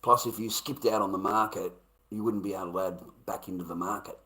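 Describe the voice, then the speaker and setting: A middle-aged Australian man rambles through stories on his livestream, swearing and laughing in a casual rant. His low voice is pushed and bright, fairly quick, with fairly even intonation. The recording is rough.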